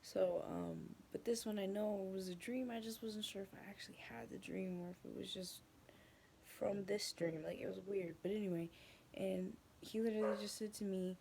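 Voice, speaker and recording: A woman's voice: mid-range voice, steady tone, moderate pace, gravelly, mellow, a little hiss or hum. A young woman chatting casually in her bedroom, telling a rambling story, swearing often and sometimes dropping into a whisper. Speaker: vlogger.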